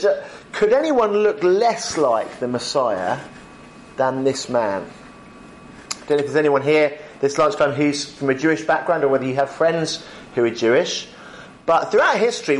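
A man's voice: a little high, a little hiss or hum. Man giving a lunchtime Bible talk. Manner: conversational, frequent ums, slows for emphasis. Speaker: preacher.

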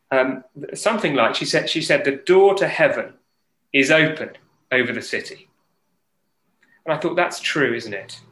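Man, preacher on a group call, earnest, halting, bright tone, echoey room. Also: a little high. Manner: earnest, halting, with many fillers and restarts. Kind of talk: Bible talk on an online call.

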